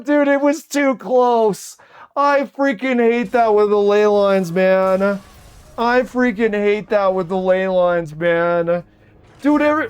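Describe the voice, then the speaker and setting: A man chats casually to his viewers while streaming a card game. His voice sits high, and he draws his words out slowly. He swears, groans and breaks into excited shouts. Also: smooth.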